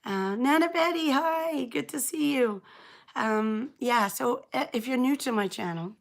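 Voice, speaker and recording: This knitting channel host, a middle-aged woman from England, sounds hoarse and croaky after being sick as she casually rambles on a live stream and says hello to viewers by name. Her voice sits high, and she talks a little slowly.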